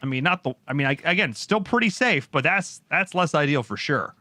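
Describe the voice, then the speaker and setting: A man's voice: a little high, a little fast, no echo. Man casting esports with jokey energy. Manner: animated, jokey, rambling with fillers. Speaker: esports caster. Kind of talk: live esports commentary.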